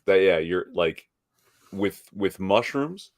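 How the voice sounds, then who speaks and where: Deep-voiced man spinning playful comparisons. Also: animated, slow, no echo, studio quality. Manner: builds long playful metaphors. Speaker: podcast co-host. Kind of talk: casual chat.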